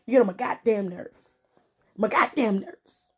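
A woman's voice: medium pitch, a little slow, breathy edge. A woman hosting a wrestling podcast, ranting bluntly and with lots of swearing at her listeners. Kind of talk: casual podcast commentary.

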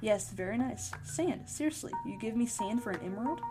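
A woman's voice: on the high side, expressive, a little fast, over music, lightly acted. A woman voicing a determined, impatient young woman miner who talks bluntly and sounds exasperated, in a storybook reading.

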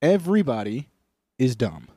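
A man's voice: medium pitch, sing-song, moderate pace, dark tone, breathy edge, dry recording. A young man co-hosting a comedy podcast in casual chat, rambling and acting out silly bits in voices. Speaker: podcast co-host. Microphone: close studio mic.

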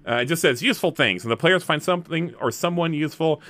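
A man from Alabama, narrating a tabletop game as game master in a rambling, lively way. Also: on the high side, fast. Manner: rambling and lively, explaining rules aloud.

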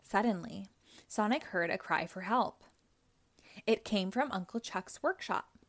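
A woman reading a children's chapter book aloud, narrating slowly and carefully. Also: medium pitch, expressive. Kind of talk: read-aloud storybook narration.

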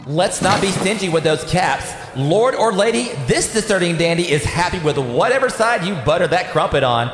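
An actor playing a theatrical, showy auctioneer and emcee in an audio drama. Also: male voice, high-pitched, expressive, moderate pace, few pauses, fairly bright tone, roomy sound, long reverb tail. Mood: hyping. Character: flamboyant male auctioneer and emcee.

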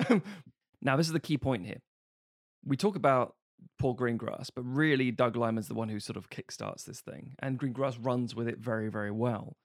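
An animated man from the UK co-hosts a casual film podcast, dropping into comic bits and swearing freely. His voice sits at an everyday middle pitch and comes across dry and close to the mic. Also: normal speed, dry recording. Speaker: podcast co-host.

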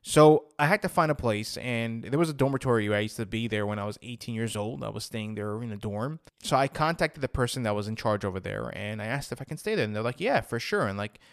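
A man's voice: lowish voice, fast talker, few pauses, dry recording, studio quality. A man in his thirties hosting a podcast, telling his own story in a candid, rambling way with frequent restarts. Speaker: podcast host. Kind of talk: personal storytelling monologue.

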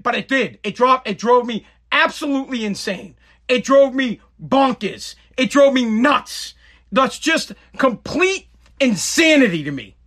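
A man with a high, bright, ringing voice holds forth in a loose, ranting monologue. He tells a story by acting out what people said and drops casual swears along the way. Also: moderate pace. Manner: animated, storytelling with acted quotes, swears casually.

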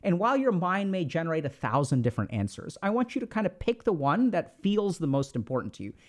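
A man talking through advice on a podcast, his voice sitting a little high and swinging widely in pitch. He acts out little quoted exchanges and drops casual slang as he goes. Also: sing-song, fast. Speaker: podcast host giving advice.

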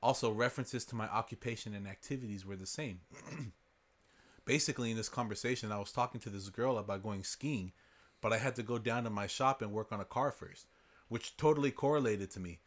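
A man's voice: fairly low pitch, brisk. A man hosting a podcast, reading listener stories aloud in a casual way. He swears freely and laughs as he goes.

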